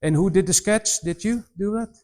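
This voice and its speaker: Man, Dutch accent, non-native English, somewhat high voice, joking anecdotes, restarts often. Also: normal speed, a little mellow. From Netherlands. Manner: jokey anecdotal storytelling with frequent restarts. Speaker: missionary speaker. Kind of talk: humorous presentation to students.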